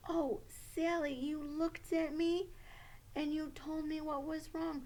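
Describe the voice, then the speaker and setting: A woman teacher giving a puppet lesson for children, gentle and encouraging. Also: high-pitched, flat delivery. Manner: gentle, encouraging, slow and clear.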